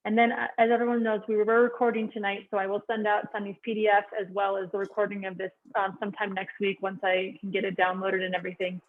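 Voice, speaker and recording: A woman's voice: medium pitch, level tone, quick pace, hardly any pauses. Woman host over tinny call audio. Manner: friendly, with many fillers. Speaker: event host. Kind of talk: closing remarks.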